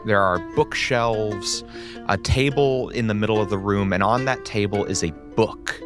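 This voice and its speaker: A man's voice: lowish voice, moderate pace, music in the background. A man narrating as game master of a tabletop role-playing game, in a wry, laid-back way.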